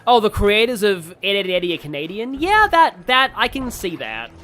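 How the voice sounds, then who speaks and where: A let's play streamer chatting loosely over a game, wandering between topics and reading chat aloud with many ums and likes. The pitch swings lively up and down, with faint game music underneath. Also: moderate pace. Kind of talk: casual let's play commentary. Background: game audio.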